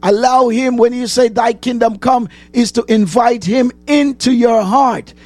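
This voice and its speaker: Preaching in a very high voice at a slightly slow pace, a man asks his congregation questions and answers them, repeating phrases and rising into shouts. The sound has no echo, and soft music plays in the background.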